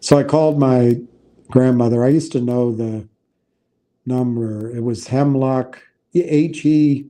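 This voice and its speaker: Male streamer, unhurried and meandering, warm low-key tone, stops and restarts a lot. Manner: halting, meandering, frequent restarts. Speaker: livestream host. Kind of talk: rambling casual livestream talk.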